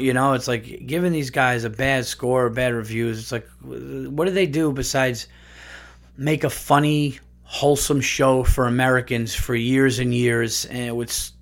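A man's voice: medium pitch, a bit bright. A man hosting his podcast in a casual comedic monologue, ranting and swearing freely. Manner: profane, ranting. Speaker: podcast host.

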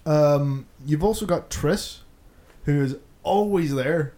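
A man's voice: a little high, takes it slowly, warm tone. A man hosting a casual podcast chat, swearing freely and rambling with restarts. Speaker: podcast host.

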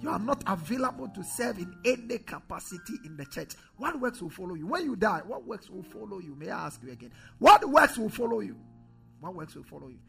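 A pastor preaching a sermon, calling on the congregation to repeat phrases, swinging from loud declarations to low quiet asides. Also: male voice, creaky, husky. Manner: preaching with call-and-response to the congregation.

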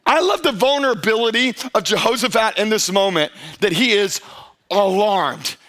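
A middle-aged male pastor preaching a conversational sermon, drawing out key phrases slowly for emphasis and acting out the voices of churchgoers. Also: sits high, animated, a bit bright.

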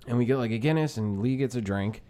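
A man telling a story in casual chat, animated and profane, often laughing. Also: mid-range voice, quick pace. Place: bar room.

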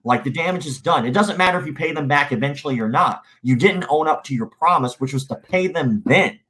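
A man in casual podcast chat, profane and heated, quick to launch into a rant. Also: fairly high pitch, animated, a bit bright.

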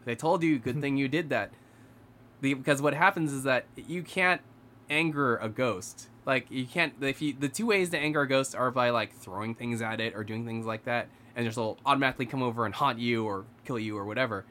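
A man telling a ghost story to friends in a casual chat, acting out the characters' lines and dropping to a hushed voice at tense moments. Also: medium pitch, brisk, a little hiss or hum.

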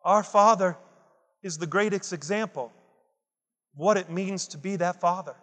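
A man's voice: high voice, normal speed, fairly bright tone, big-room sound. A man preaching a Father's Day sermon, emphatic and repetitive, building intensity as he quotes scripture. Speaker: pastor.

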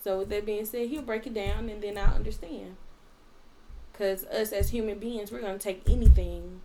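A woman chatting frankly and with energy as the co-host of a casual podcast. Her voice sits at an average pitch, and faint noise hums behind her. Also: moderate pace. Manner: frank, animated, talks over her partner. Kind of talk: casual chat.

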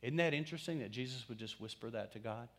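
A middle-aged male pastor in the middle of a sermon. He tells stories and acts them out, rising to loud peaks and then dropping to near-whispers. His voice sits at an ordinary pitch for a man. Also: quick pace. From Texas. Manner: storytelling preacher, dramatic swings between loud and hushed.

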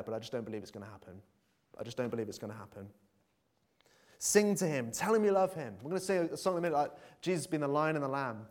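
A man's voice: mid-range voice, a little mellow. A man preaching a conversational sermon in a church, earnest and full of fillers, building to emphatic appeals.

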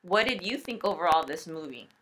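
A woman's voice: lowish voice, expressive, fast, a bit bright, rough recording. A young woman co-hosting a podcast, chatting casually and enthusiastically with lots of fillers. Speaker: podcast co-host. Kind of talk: casual chat.

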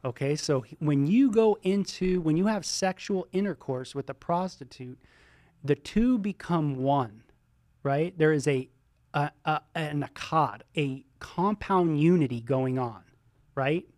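Animated male pastor, dry close sound. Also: on the high side, unhurried, no echo. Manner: animated, exclaims and voices imagined listener reactions; many ums and you-knows. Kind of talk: sermon teaching.

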